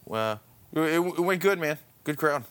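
A man's voice: on the high side, lively intonation, normal speed, fairly bright tone. A man co-hosting a comedy podcast from home, bantering casually with crude, profane jokes. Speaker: podcast co-host and stand-up comedian.

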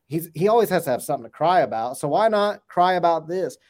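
This is a man on a casual sports podcast, his voice sitting a little high. He gets worked up and fires off playful trash talk in quick bursts. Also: expressive, darkish tone. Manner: hyped, joking trash talk, rapid bursts. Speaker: podcast co-host. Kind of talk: excited sports podcast chat.

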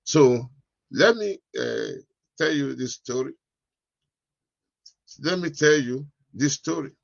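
A man's voice: mid-range voice, creaky, slightly rough, dry recording, lo-fi sound. A man pastor delivering a sermon, repeating his lines for emphasis. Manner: repetitive, emphatic preaching.

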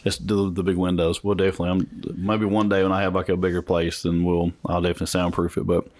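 A man hosting a casual podcast chat from a room at home with big windows, telling stories in an animated, self-mocking way. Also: low voice, fast. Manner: animated storytelling with laughs and self-mockery. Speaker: podcast host. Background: passing traffic and children audible.

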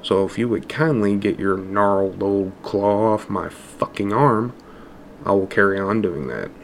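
Smug estranged father, mocking and faintly amused, voiced by a man, gravelly and low. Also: measured pace, a little hiss or hum. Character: smug, callous estranged middle-aged father.

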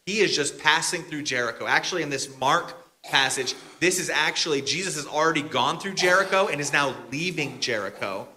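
Bright-voiced male pastor telling a story. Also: fairly high pitch, lively intonation, fairly quick, hardly any pauses. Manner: casual, chatty, bantering with the congregation. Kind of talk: storytelling sermon.

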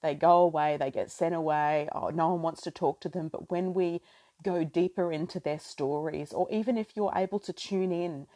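Mellow Australian woman, heartfelt podcast monologue. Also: low-pitched, steady tone, normal speed. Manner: reflective and emotional, full of "you know" fillers. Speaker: podcast host.

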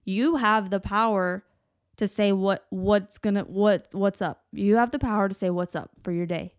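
A young woman talks through a casual faith podcast in a middle-pitched voice, recorded close and dry. She rambles and repeats herself, and she leans on "like" and "you know.". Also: moderate pace, no echo. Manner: rambling, repeats words, many "like" and "you know", laughs often. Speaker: podcast host.

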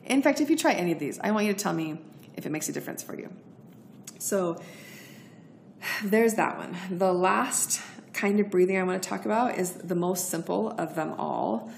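A woman's voice: fairly low pitch, lively intonation, normal speed, creaky, a little hiss or hum. A woman hosting a podcast, giving chatty, encouraging breathwork instructions straight to her listeners. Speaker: podcast host. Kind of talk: casual instructional talk.

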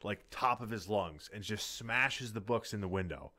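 A man's voice: lowish voice, lively intonation, normal speed, pushed and bright. A man casually telling a rambling, profane story in a podcast chat.

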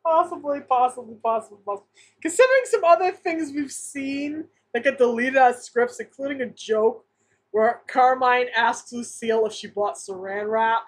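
A woman's voice: fairly high pitch, moderate pace, husky. A woman co-hosting a casual podcast chat about an old sitcom, laughing often and joking. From Massachusetts. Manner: laughs often, animated, jokey. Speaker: podcast co-host.

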